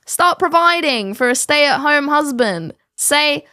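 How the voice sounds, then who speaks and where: Reaction host, woman, opinionated and sarcastic, high animated voice, dead-dry mic. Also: normal speed, few pauses, no room sound. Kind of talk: casual commentary. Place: home studio set.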